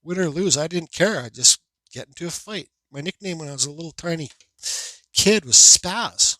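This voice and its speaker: A man's voice: a little high, lively intonation, moderate pace, sharp tone, dry recording. Blunt, swearing man telling a story. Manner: blunt, profane, rambling with restarts. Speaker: wood carver. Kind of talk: casual storytelling while carving.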